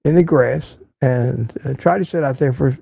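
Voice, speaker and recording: Gravelly older man, opinionated host. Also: mid-range voice, moderate pace, dark tone, no echo. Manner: opinionated, emphatic repetition. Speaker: livestream host. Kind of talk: casual chat reading viewer comments.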